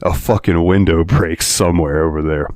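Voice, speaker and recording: A man co-hosting a podcast, telling a story in a loose, profane way. His voice sits low. The sound is dry and close, and he often breaks into laughter. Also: steady tone, moderate pace, a little mellow, no echo. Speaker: podcast host. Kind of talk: casual chat.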